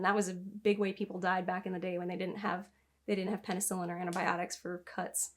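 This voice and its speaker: A woman's voice: fairly low pitch, little pitch movement, fast. A woman co-hosting a casual review chat, playful and laughing often. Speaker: podcast co-host.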